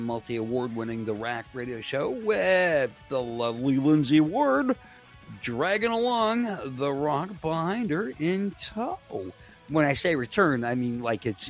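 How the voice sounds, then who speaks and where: Lively joking male radio co-host. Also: mid-range voice, moderate pace, soft background music. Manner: animated, jokey self-promotion. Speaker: podcast co-host. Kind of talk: casual wrestling radio banter.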